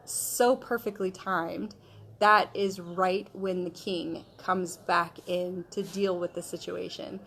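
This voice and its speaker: A woman's voice: mid-range voice, fairly bright tone. Woman, Bible study teacher, casual, storytelling, chatty, slangy asides. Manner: conversational storytelling, retelling scripture in modern slang; chatty, with frequent fillers like okay and um.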